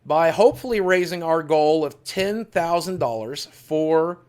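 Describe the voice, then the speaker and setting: A man's voice: on the high side, expressive, unhurried, a little mellow. A man hosting a livestream from his studio, talking in an earnest, heartfelt, confessional way with emphatic repetition. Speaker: livestream host.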